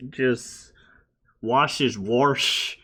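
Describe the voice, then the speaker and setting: A man co-hosting a podcast in casual chat, animated and laughing often. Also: medium pitch, very slow. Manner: animated and laughing, with lively voice swings. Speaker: podcast co-host.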